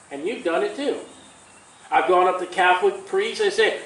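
Combative high-voiced preacher in an echoey room. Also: male voice, expressive, normal speed, far from the mic. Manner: combative, sarcastic, swinging loud to soft. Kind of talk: sermon.

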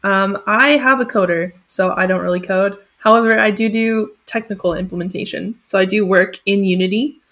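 A woman's voice: medium pitch, fairly even intonation, moderate pace, hardly any pauses, fairly bright tone. A woman in her twenties reading out chat questions and chatting with giggles and lots of filler words. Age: 20s. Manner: chatty and giggly, many ums and likes. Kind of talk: casual livestream Q&A.

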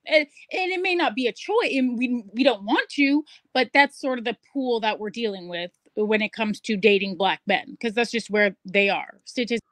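A woman's voice: a little high, expressive, moderate pace, few pauses, no echo. A woman in a played clip making an argument, citing studies and arguing point by point. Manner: cites studies, argues point by point. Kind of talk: argumentative commentary.

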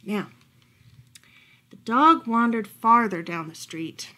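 A woman librarian reading a picture book aloud as a bedtime story, gentle and expressive. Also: on the high side, slow pace. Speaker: children's librarian.

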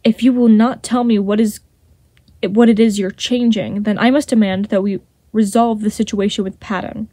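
A woman's voice: mid-range voice, fairly even intonation, normal speed, warm tone, no room sound, studio quality, natural voice. A woman voicing a cold, logical young man in a storybook reading, speaking hard and demanding.

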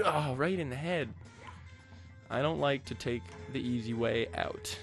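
A man's voice: medium pitch, a little slow, soft background music. Jokey man narrating his gameplay. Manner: jokey, rambling, crude asides. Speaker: let's play host. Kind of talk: casual gameplay commentary.

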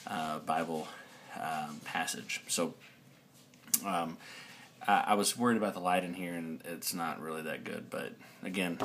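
A man with a deep, slightly bright voice rambles about a Bible passage while looking into his camera, full of fillers and restarts. He records with the camera mic in a dim room indoors, and there's slight background noise.

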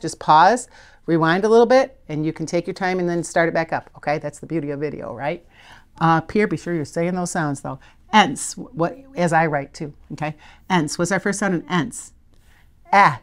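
Patient woman teaching spelling. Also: on the low side. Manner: patient, encouraging, sounds out letters slowly. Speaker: literacy teacher. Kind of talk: video spelling lesson.

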